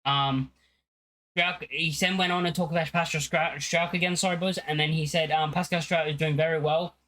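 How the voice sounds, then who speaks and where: A man's voice: on the high side, fairly even intonation, normal speed, pushed and bright, slight background noise, rough recording. A young man talking casually as a football fan channel host, rambling, with many fillers and restarts.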